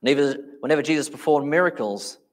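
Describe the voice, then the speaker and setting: A man preaching a sermon, speaking emphatically and slowing down to stress key phrases. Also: on the high side.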